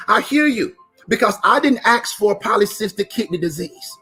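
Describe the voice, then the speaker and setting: A man giving an emphatic motivational talk, repeating phrases and sometimes rising to a shout. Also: high-pitched, expressive, normal speed, slightly rough, soft background music. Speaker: motivational speaker.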